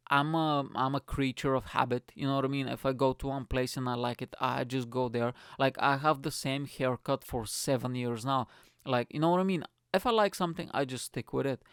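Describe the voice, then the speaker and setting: Excitable guy rambling through a story on his podcast, swears a lot, smooth mid voice, dry close mic. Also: medium pitch, no room sound. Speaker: podcast host. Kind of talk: casual storytelling monologue.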